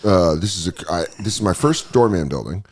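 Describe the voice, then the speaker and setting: A man hosting a loose podcast chat whose voice swings up and down as he tells stories. He slips into quick impressions of the people in them. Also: low voice. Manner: animated storytelling, acts out other people in put-on voices. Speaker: podcast host.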